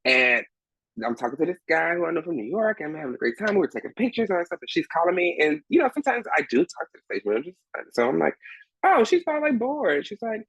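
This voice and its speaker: A man's voice: on the high side, very animated, fast talker, vocal fry, fairly bright tone, slightly rough, no echo, highs cut off. A man, a Broadway swing performer, telling a story as a guest, acting out the other people's voices and laughing often. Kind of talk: animated storytelling in conversation.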